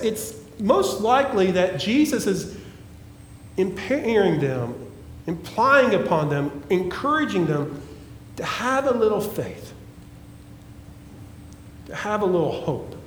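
A male pastor preaching a sermon, emphatic and repetitive, dropping at times to a hushed, pleading tone. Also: sits high, slight background noise. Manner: emphatic preaching with repeated phrases and swings from loud to hushed. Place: church sanctuary. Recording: echoey church hall.

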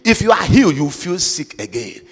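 Gravelly, high-pitched shouting preacher man. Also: very animated, brisk, in a large hall, crowd noise. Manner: impassioned, shouting and chanting. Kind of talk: sermon.

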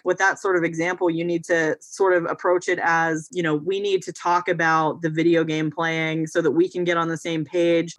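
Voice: medium pitch, fairly bright tone, no echo. A family law attorney explaining things in a casual podcast chat, hedging often with fillers. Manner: explanatory, hedging with frequent "you know" and "like".

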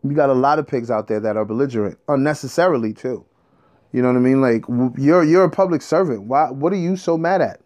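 Animated man telling a street story. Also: mid-range voice, fast talker. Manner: animated, profane, streetwise slang. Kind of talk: casual monologue.

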